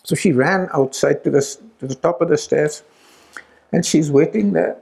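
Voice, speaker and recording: A man's voice: a little high, normal speed, creaky, a little mellow, husky. A middle-aged man telling a family story at a gathering, acting out the voices of the people in it. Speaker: speaker at a spiritual retreat. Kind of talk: storytelling talk.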